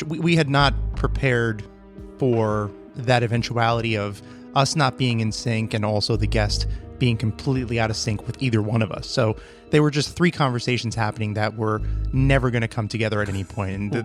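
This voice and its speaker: Animated male storyteller guest. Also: medium pitch, fairly quick, faint music behind. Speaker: guest co-host. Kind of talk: casual chat.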